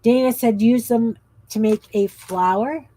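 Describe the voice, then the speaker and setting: A woman's voice: on the high side, measured pace, dark tone. A woman in her fifties hosting a craft livestream, chatting casually in a rambling, easily sidetracked way. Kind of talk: casual chat while crafting.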